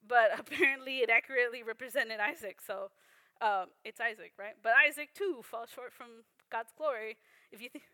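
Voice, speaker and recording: Bright-voiced young woman preaching. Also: sits high, moderate pace, clean tone, dry recording. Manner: earnest, conversational, often asks "right?". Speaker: Bible study teacher. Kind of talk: sermon.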